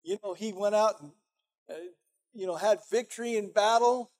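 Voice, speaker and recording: A man's voice: sits high, normal speed, a little mellow. A man preaching a sermon as pastor, conversational and emphatic, often saying "you know".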